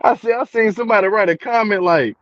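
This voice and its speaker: A young man with a high-pitched voice talks fast in a casual reality TV commentary vlog, addressing his viewers in slang. He repeats himself for emphasis and grows angry. The lo-fi home recording is dull and dry, with no echo.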